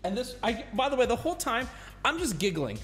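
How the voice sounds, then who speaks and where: A man's voice: a little fast, faint music behind. A young adult man streamer telling a story in a casual, swearing, giggling way. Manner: animated, swears often, giggles, jumps into high-pitched shouts. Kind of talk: casual storytelling while reacting to clips.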